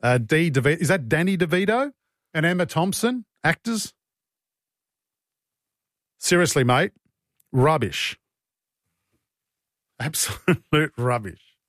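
A man's voice: fairly high pitch, very animated, slow pace, pauses often, a bit bright, dry recording, clean studio sound. A man with an Australian accent hosting talkback radio, blunt and exasperated as he takes calls and reads out texts. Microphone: studio broadcast mic.

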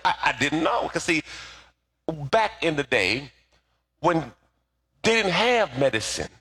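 This middle-aged preacher speaks slowly in a slightly high, breathy voice, pausing often. He tells stories animatedly during his sermon and draws call-and-response from the congregation.

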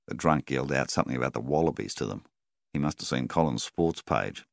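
A man reading an audiobook aloud in an expressive storytelling style. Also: a bass voice, fairly quick, vocal fry, no room sound, clean studio sound. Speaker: audiobook narrator. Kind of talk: scripted narration.

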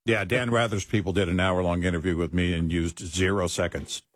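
A middle-aged man co-hosting a talk show, chatty and animated in casual political conversation. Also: low-pitched, fairly quick, dry recording, studio quality. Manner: animated, chatty, laughs easily. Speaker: talk radio co-host.

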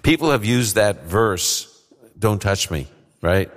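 A man's voice: fairly low pitch, takes it slowly, big-room sound. A man teaching the Bible on a call-in radio show, explaining and acting out scenes with animation. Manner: explanatory, animated when retelling scripture scenes. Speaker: radio Bible teacher answering listener questions. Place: live event before an audience.

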